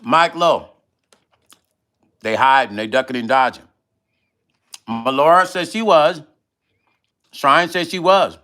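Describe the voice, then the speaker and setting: Bright-voiced man chatting on a livestream. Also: fairly high pitch, slow, long pauses. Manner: loose, conversational, repeats himself when emotional. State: eating while talking. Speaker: livestream vlog host. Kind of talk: casual livestream chat reading viewer comments.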